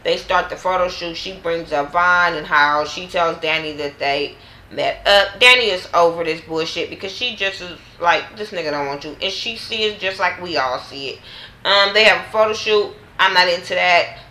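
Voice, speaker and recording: Woman ranting about a tv episode, cusses a lot, bright sharp voice, echoey room. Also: on the low side, moderate pace. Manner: blunt, profane, exasperated ranting. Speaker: reality TV recap vlogger. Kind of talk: casual opinionated recap.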